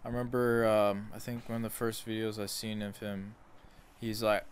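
A man's voice: lowish voice, flat delivery, moderate pace, smooth. A man in a casual group chat who rambles, restarts his sentences and swears freely.

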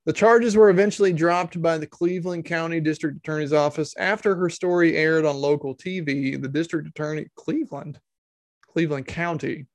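A man's voice: a little high, fairly even intonation, fairly quick, no room sound. A man giving casual comedic commentary, sarcastic and incredulous, swearing freely.

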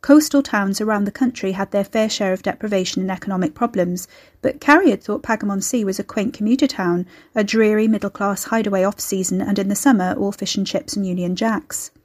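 A woman narrates her serial fiction in a close, dry reading. Her voice is mid-pitched, and she is expressive, taking on every character herself. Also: brisk, no echo. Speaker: audiobook narrator.

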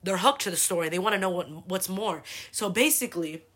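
A woman in her twenties hosting a podcast, telling a personal story in a casual, animated way, swearing freely and leaning on "like" a lot. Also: a little fast, husky. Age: 20s. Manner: acts out quoted people with big pitch jumps. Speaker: podcast host.

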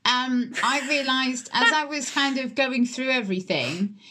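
A woman's voice: measured pace, noisy background. A British woman who is a musician, co-hosting a casual podcast chat and laughing easily. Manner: laughs easily, exclaims in high-pitched disbelief. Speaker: podcast co-host.

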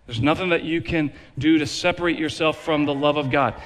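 A man preaching a sermon as pastor, emphatic and repetitive, swinging between loud declarations and quiet low passages. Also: fairly even intonation, a little fast. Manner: emphatic preaching with repeated phrases, varying loud and soft. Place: church sanctuary. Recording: long hall reverb.

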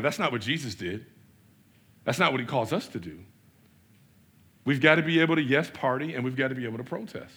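A pastor preaching a sermon in an animated way, asking rhetorical questions and swinging between loud and soft. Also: male voice, medium pitch, brisk, pauses often, breathy edge.

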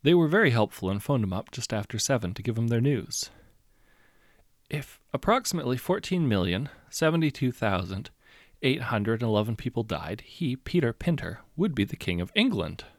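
A man reading a short story aloud as narrator, in a measured, understated storytelling manner. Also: medium pitch, big pitch swings, dry recording, clean studio sound. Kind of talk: scripted audiobook narration.

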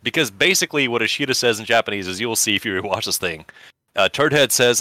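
A man co-hosting a podcast in casual chat, animated and breaking into high excited emphasis, speaking English as a second language. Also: quick pace, no echo. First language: not English. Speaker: podcast co-host.

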